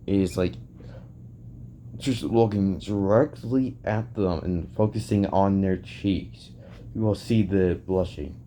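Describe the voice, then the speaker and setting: A man spins a fan-fiction story off the cuff, rambling and circling back on himself. His voice sits low and mellow, and he takes his time between phrases. A faint hum of background noise runs under him. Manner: rambling, restarts often, leans on filler phrases.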